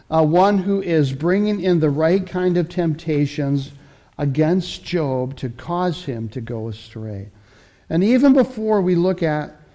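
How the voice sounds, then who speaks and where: A man's voice: fairly high pitch, mellow. A man preaching a sermon, teaching through scripture in a conversational way and often correcting himself mid-sentence. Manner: conversational Bible teaching with frequent self-corrections.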